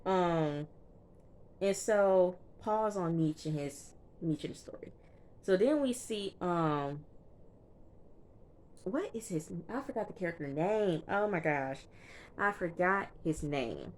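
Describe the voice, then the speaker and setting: A woman's voice: on the low side, lively intonation, slow, long pauses, a little hiss or hum. Chatty woman recapping a TV episode. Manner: chatty, emphatic, frequent fillers, speaks directly to viewers. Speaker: TV recap vlogger.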